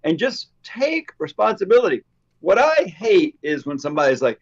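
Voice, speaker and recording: Animated male podcast co-host, lo-fi. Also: high voice, normal speed. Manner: animated storyteller, acts out quoted dialogue. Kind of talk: casual chat.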